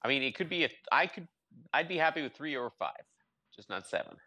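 A man's voice: a little high, very animated, fairly quick, sharp tone. A man co-hosting a casual movie podcast, joking and teasing. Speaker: podcast co-host.

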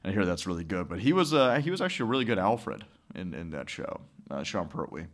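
A man with a very low, deep voice chats casually as a podcast co-host. He rambles, swears freely and breaks into laughter often. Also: big pitch swings, fast talker. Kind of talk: casual chat.

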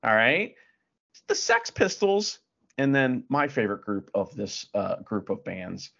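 Guy cohosting a wrestling-ish podcast, husky voice, jokey and swears a lot, pitch jumps around, dull lo-fi audio. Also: sing-song, unhurried, a bit bright. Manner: joking, profane, reads facts aloud with asides. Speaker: podcast co-host. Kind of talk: casual chat.

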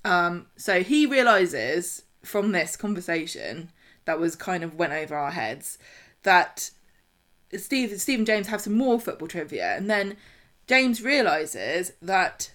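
A woman co-hosting a relaxed podcast, talking through a soap episode at a chatty clip. Her tone is sarcastic, and she keeps dropping in laughing asides. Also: lowish voice, slow pace. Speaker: podcast co-host. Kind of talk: casual chat recapping a soap.

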